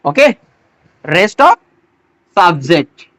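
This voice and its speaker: A teacher giving a slow English grammar lesson, pausing, repeating words and restarting phrases as they explain. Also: medium pitch, sing-song, fairly bright tone, dry recording. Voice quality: non-native English phrasing.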